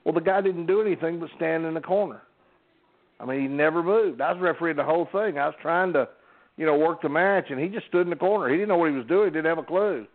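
A man's voice: a little high, quick pace. An older man, a former wrestling referee telling folksy anecdotes with many restarts. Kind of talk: casual storytelling on a podcast. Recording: phone-like narrow sound.

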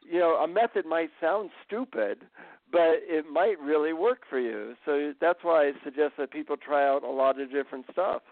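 A man, a guest author, telling relaxed stories in a casual interview. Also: a little high, moderate pace, no echo. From America. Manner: relaxed anecdotal storytelling. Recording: tinny phone line.

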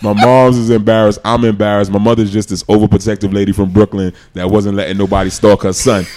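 A middle-aged man tells stories as a guest on a chat podcast. His voice is very low and deep. He talks in an animated, slangy way. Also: quick pace. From New York City. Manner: animated, slangy, laughs while telling. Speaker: guest, former football player. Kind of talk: casual storytelling interview.

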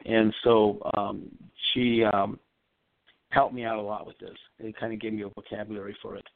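A man's voice: on the low side, flat delivery, moderate pace, creaky, dry recording. A man, a psychic medium, telling a long personal story in a rambling, earnest way during a casual call-in interview. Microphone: phone. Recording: tinny dry phone line.

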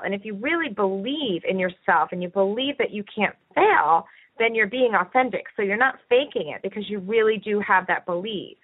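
A woman host speaks earnestly and encouragingly, stretching her thoughts into long explanations. Her voice sits at an ordinary middle pitch. It comes through thin and narrow, like a phone line. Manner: earnest, encouraging, talks at length. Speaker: podcast host and coach. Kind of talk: conversational podcast discussion. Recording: tinny phone-line audio.

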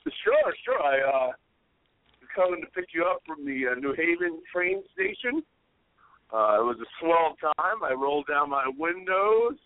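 A young man co-hosting a podcast, telling rambling stories in an animated way and yelling the quoted lines. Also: a little high, moderate pace, no room sound. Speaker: podcast co-host. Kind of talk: casual storytelling chat. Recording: dry, tinny phone-like audio.

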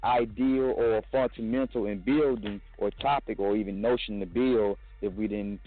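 A man's voice: on the low side, steady tone, moderate pace. A man calling in to a talk show, speaking earnestly and reflectively, repeating words for emphasis. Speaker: caller. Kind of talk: casual phone call. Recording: dry phone line.

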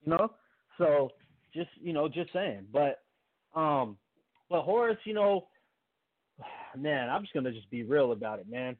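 A man's voice: a little high, unhurried, long pauses. Fields: rambling male podcast host, phone-like. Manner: rambling, many fillers, animated. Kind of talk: casual sports podcast chat.

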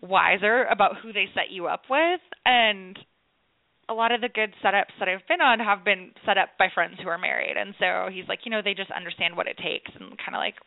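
A woman in her thirties talks as a podcast guest, her voice gravelly and full of fillers and quick laughs. The sound is dry and narrow, like a phone line. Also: mid-range voice, no echo. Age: 30s. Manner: chatty, many fillers and laughs. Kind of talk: casual podcast chat.

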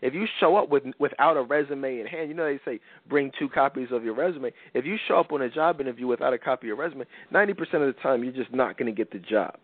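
A man's voice: quick pace, hardly any pauses, dry recording. Young guy radio host giving advice, acts out quotes all over the place, sounds thin like a phone line. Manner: animated storytelling, acts out quotes with big pitch jumps. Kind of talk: casual advice talk to listeners. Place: radio studio.

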